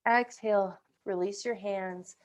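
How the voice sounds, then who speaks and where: A young woman guides a yoga flow on a video call, her cues calm and timed to the breath. She speaks slowly and evenly at a mid pitch, a little winded as the sequence goes on. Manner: calm breath-paced cueing, occasional self-corrections. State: slightly out of breath. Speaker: yoga instructor. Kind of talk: live-streamed yoga class cues.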